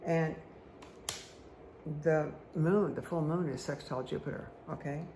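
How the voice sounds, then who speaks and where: A woman's voice: deep voice, a little slow, mellow, slight background noise. A woman giving a card reading for her viewers, chatty and rambling, who often checks in with "okay?". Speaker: spiritual guide reading tarot and angel cards. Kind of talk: casual talk to viewers while reading cards.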